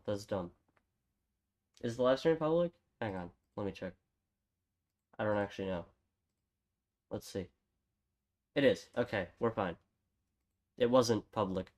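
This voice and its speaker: Over game music, a man with a lowish voice streams a playthrough at normal speed, voicing lines in character. He chats casually, mutters asides between readings, and leaves long pauses.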